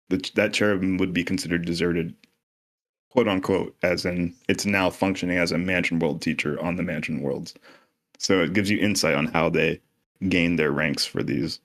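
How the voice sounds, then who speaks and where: A man's voice: sits low, a bit bright. A man hosting a podcast, explaining a reading in loose, casual terms, with the odd swear word.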